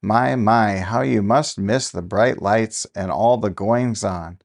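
A man's voice: lowish voice, slow pace, vocal fry, heavily acted. A man voicing a nosy, gossipy small-town woman neighbor. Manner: prying, gossipy.

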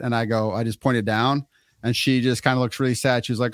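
A man's voice: mid-range voice, fast talker, no echo, studio quality. A middle-aged man casually telling a story on a podcast, acting out what people said. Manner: animated storyteller acting out quotes.

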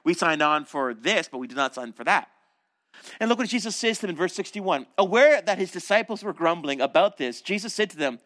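In an animated sermon, a male pastor tells stories and quickly slips into the voices of crowds and disciples. His high, bright voice swings widely in pitch as he preaches.

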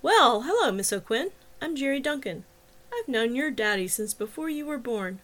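A woman's voice: sits high, sing-song, normal speed, fairly bright tone, pitched above the performer's own voice. A woman reading the part of a friendly older male campus police officer, folksy and matter-of-fact. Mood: businesslike.

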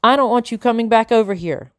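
An angry, tearful young girl, as a woman reading a storybook puts her on shouts and stammers. The voice is lifted above the reader's usual lower pitch. The recording is close and dry. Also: a little fast, no room sound, natural voice. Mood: tearful anger. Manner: shouting through tears, stammering.

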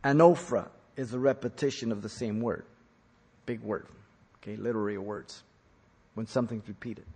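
A man preaching a teaching sermon on scripture, stressing key words loudly and then dropping to quiet asides. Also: lowish voice, fairly even intonation, normal speed, breathy edge. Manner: emphatic, swings from loud stresses to quiet asides. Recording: long reverb of a large hall.

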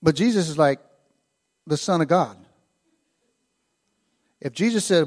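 Male preacher, informal storytelling delivery, a touch high-pitched, acts out the quotes. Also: normal speed, pauses often. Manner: conversational, acts out quoted lines with rising animation. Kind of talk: casual storytelling sermon.

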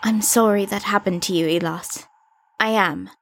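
A woman doing a calm, firm young heroine. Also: mid-range voice, moderate pace, gravelly, dry recording. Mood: steady. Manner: calm, direct, questioning. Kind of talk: audiobook character voice.

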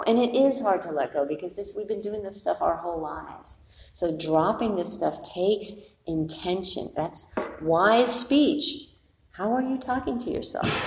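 Gravelly-voiced woman giving a dharma talk. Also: on the low side, darkish tone, reverberant, slight background noise. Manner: conversational, plainspoken, with candid asides. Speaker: meditation teacher.

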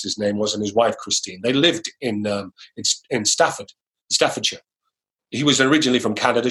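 A middle-aged British man, an actor, chatting as an interview guest, telling anecdotes and acting out the lines of the people in them. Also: medium pitch. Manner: lively anecdotal storyteller who acts out quoted lines. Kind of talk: casual interview storytelling.

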